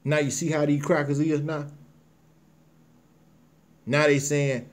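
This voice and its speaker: An impassioned man hosting his own show, speaking. He preaches and repeats himself, his voice heavy with emotion, in a mid-pitched tone. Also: measured pace, long pauses, a little mellow. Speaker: host. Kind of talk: emotional commentary monologue.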